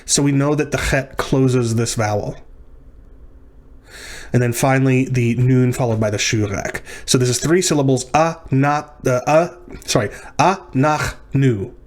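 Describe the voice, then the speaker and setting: Guy teaching a language class, slow careful walk-through, corrects himself a lot. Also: mid-range voice, steady tone, a little mellow. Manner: methodical, self-correcting explanations. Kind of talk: lecture on syllabification.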